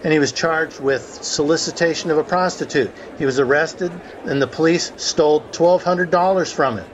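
A man's voice: a little high, normal speed, lo-fi sound, slight background noise. A man hosting a conference call, telling a courtroom story in a conversational way and acting out the quotes. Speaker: host of a call about the law.

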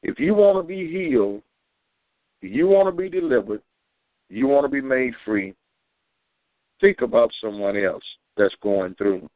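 A man's voice: animated, unhurried, long pauses, no room sound. Fervent preacher man on a tinny phone line. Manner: fervent storytelling, climbing high for quoted shouts. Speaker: preacher on a community call. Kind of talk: sermon with personal testimony.

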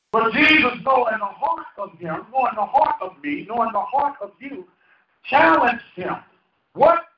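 A man preaching a sermon as pastor, folksy and joking, asking his congregation questions. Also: very high-pitched. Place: church hall. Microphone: handheld microphone. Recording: roomy, distant, dull sound.

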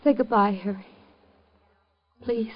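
A woman playing a sick, desperate young chorus girl and mother in a 1950s radio drama, hushed and pleading, on a muffled old broadcast. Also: fairly high pitch, steady tone, slow. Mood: pleading, strained.

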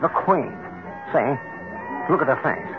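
An actor playing an earnest, smooth-talking general in a 1970s radio drama. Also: male voice, mid-range voice, sing-song, unhurried, over music. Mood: urgent. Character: earnest suave general, lover at court. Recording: muffled old radio broadcast.

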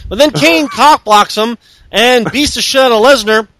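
Bright, sarcastic man recapping. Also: extremely high pitch, moderate pace, no room sound. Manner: sarcastic, profane, exasperated. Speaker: podcast host. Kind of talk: casual wrestling recap chat.

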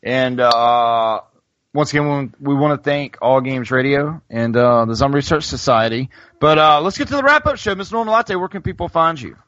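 A man's voice: medium pitch, moderate pace, a bit bright. A man hosting a podcast in casual chat, rambling with many fillers and restarts. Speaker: podcast host. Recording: dull lo-fi podcast audio.

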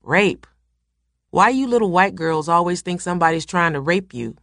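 A calm young man speaks low and quiet, blunt and unhurried. A woman reads him in her own low voice. The recording is dry and close. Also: no echo.

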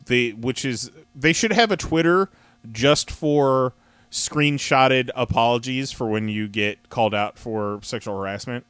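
A man's voice: mid-range voice, fairly bright tone, clean tone, no room sound. A man hosting a casual comics podcast, rambling with fillers and restarts. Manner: rambling, with many fillers and restarts, laughing often. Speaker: podcast host.

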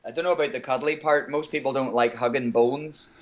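An Irish man with an ordinary mid-range voice talks casually as a call-in guest. He is relaxed and good-humoured, often chuckling and stopping on little fillers as he gathers his thoughts. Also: medium pitch. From Ireland. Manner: easygoing, chuckling, with frequent filler pauses. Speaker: guest singer.

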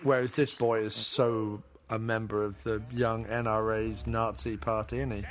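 A man's voice: lowish voice, little pitch movement, moderate pace, noisy background. Joking man riffing on a movie. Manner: mocking, joking, slips into silly impressions. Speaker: podcast co-host. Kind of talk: casual movie commentary.

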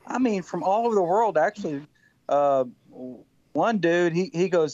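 A man from West Texas rambles through his stories, laughing and repeating himself. His voice sits a little high. The sound is dry and dull, with a lo-fi quality. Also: expressive, normal speed, a little mellow, no echo. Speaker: guest, country singer-songwriter. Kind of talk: casual storytelling.

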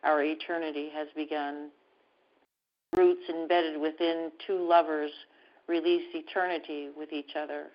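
A woman from Canada calling in to read her love poem aloud in a measured recitation. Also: low voice. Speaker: caller reading her poem. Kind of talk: poetry reading. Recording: dull lo-fi call audio.

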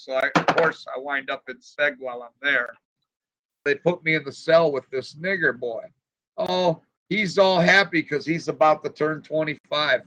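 A man's voice: on the high side, fairly bright tone, lo-fi sound. A man telling crude stories in casual chat, rambling and profane, often laughing at his own tales.

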